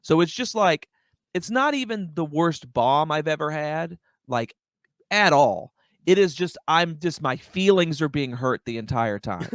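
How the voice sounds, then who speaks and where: Animated comedian man, slightly high voice. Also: measured pace, no echo. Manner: animated, filler-heavy, says "like" and "dude" often. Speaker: stand-up comedian, podcast guest. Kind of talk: casual storytelling chat.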